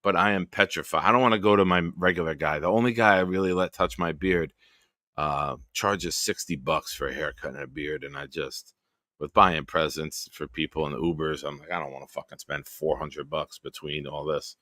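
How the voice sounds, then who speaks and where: A very deep, bright, and forceful male voice runs a football fan show from a home basement, rambling along with casual profanity at a moderate pace. The audio is studio quality, with no room sound.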